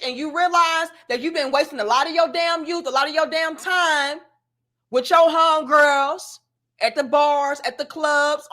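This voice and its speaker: A blunt, sassy woman rants to her viewers in a high, bright voice. She lectures in slang with plenty of attitude, and her tone stays sharp and forceful throughout. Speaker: commentary vlogger. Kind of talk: opinionated commentary rant.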